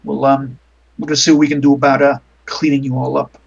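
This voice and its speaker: A man voicing a smooth-talking gangster with gold teeth in a tabletop game. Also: medium pitch, flat delivery, fast, highs cut off.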